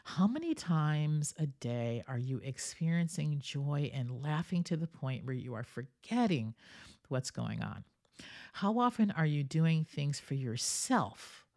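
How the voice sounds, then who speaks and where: A woman's voice: low-pitched, big pitch swings, measured pace, vocal fry, darkish tone. Woman doing a solo wellness podcast, coachy, acts out quotes in little voices. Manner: coaching, repeats "right?", acts out quoted people. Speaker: podcast host.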